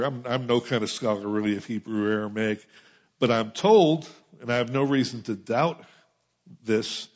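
A middle-aged man preaching a conversational sermon, building to emphatic peaks and dropping into quiet asides. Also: medium pitch, husky. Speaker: pastor. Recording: muffled lo-fi sound.

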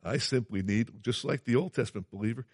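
A man's voice: mid-range voice, fairly quick, darkish tone, slightly rough, dry recording, clean studio sound. A man preaching a sermon, earnest and emphatic, repeating phrases and asking his listeners questions.

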